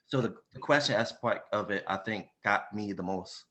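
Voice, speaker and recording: A man's voice: on the low side, moderate pace, fairly bright tone. Hesitant man sharing in a group. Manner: hesitant, repeats words while thinking. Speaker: workshop participant.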